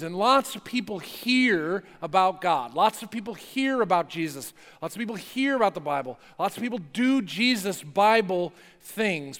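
A male pastor from North New Jersey giving a conversational, lively sermon with playful asides in a church chapel. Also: sits high. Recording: long hall reverb.

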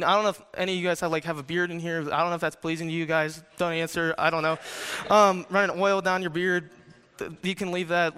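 A man's voice: on the high side, pushed and bright, clear, resonant tone. A young man in his twenties giving a chatty, joking sermon, telling stories with many fillers. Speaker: youth speaker. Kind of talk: casual sermon with storytelling. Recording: reverberant hall.

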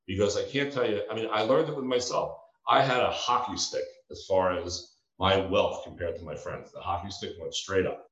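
A deep-voiced man in his fifties tells stories and gives advice, acting out the people he quotes. He sounds like he is some way from the mic. The sound is roomy and a little dull. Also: normal speed, few pauses, fairly bright tone. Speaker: former floor trader and mentor. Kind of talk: storytelling talk with advice. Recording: distant roomy lo-fi recording.

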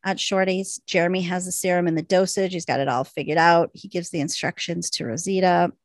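Woman, podcast co-host, casual episode recap, animated, laughs often, slight vocal fry, dry close sound. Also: on the low side, fairly quick, no room sound. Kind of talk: casual chat.

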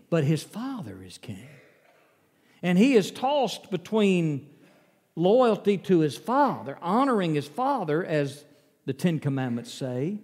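A male preacher telling a Bible story in a folksy, animated sermon. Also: sits high. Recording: long reverb of a large hall.

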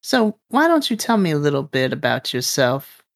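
A man's voice: fairly high pitch, very animated, normal speed, creaky. A man voicing a flirtatious woman who performs at a nightclub, in a sultry, affectionate manner, during a tabletop role-play. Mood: tender. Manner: sultry, affectionate, calls others darling and love.

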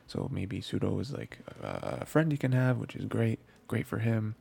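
In this casual anime podcast, a man rambles through episode recaps, restarting often and leaning on fillers. His lowish, gravelly and husky voice has a dark tone and swings widely in pitch, at a normal speed.

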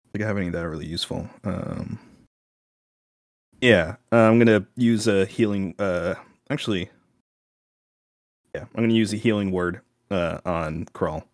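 A man's voice: low voice, normal speed, long pauses, no room sound, clean studio sound. A man playing a tabletop game, thinking aloud and hesitating as he decides. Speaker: player.

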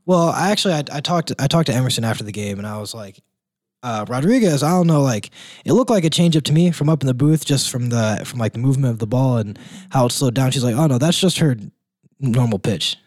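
A young man co-hosting a casual college sports podcast, relaxed and rambling, full of fillers and quick laughs. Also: medium pitch, no echo, clean studio sound. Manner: relaxed, rambling, laughs often, says "like" and "dude".

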